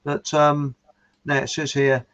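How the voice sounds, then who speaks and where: A man's voice: on the high side, completely flat delivery, takes it slowly, a bit bright. A man hosting a casual chat, reading out viewer comments in a rambling way and chuckling at his own jokes. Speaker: show host. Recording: muffled lo-fi audio.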